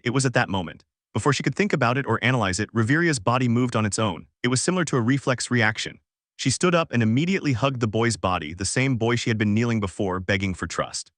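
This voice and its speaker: A man narrates a fanfic story in a steady, even reading voice at a middling pitch. The sound is dry and close, with no room echo. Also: quick pace.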